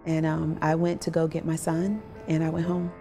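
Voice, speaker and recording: A woman with a slightly low voice tells her story in an interview. She narrates vividly and acts out the voices of the people in it. Music plays clearly beneath her. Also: completely flat delivery, moderate pace, dark tone. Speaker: trafficking survivor telling her story. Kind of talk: personal testimony interview. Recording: music bed underneath.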